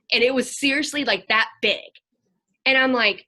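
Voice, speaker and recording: A woman counselor talking to a group over a video call, telling lively stories and acting out what children said. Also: a little high, normal speed. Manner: animated storyteller, acts out children's voices.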